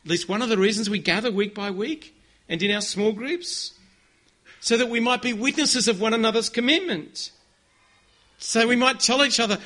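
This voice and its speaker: A man delivers a sermon in a high, bright voice. He speaks with earnest conviction and leads his listeners in a call-and-response. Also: normal speed. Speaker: pastor.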